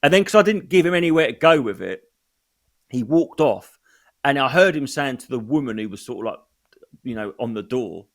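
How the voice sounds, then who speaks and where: A man's voice: medium pitch, lively intonation, a little fast. A male comedian chatting casually, blunt and sweary, telling anecdotes from his gigs. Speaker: stand-up comedian. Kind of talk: casual chat.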